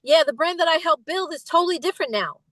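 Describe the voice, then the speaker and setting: A woman's voice: very high voice, lively intonation, quick pace, a bit bright, no echo, low-quality recording. A middle-aged woman speaking as an interview guest, emphatic and impassioned, slipping into imitations when she retells what others said. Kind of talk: candid interview conversation.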